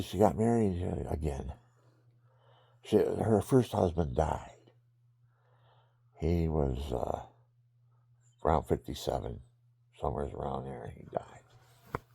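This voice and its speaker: A low-voiced older man with a rough, gravelly edge rambles from one topic to the next. He talks while stretching, catching short breaths between thoughts. The sound is close and dry. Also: warm tone, no echo. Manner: digressive, drifting between topics. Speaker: vlogger. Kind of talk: rambling casual monologue.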